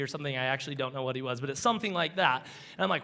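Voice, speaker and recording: A man giving an energetic conference talk, telling an enthusiastic, rambling story that keeps drifting off on side tracks. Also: fairly high pitch, fast. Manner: rambling, easily sidetracked, enthusiastic. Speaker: conference speaker.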